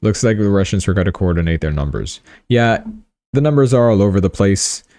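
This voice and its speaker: A man's voice: on the low side, a little fast, darkish tone, no room sound, studio quality. A man hosting a live show with casual news commentary, chatty and rambling, with joking asides. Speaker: livestream host.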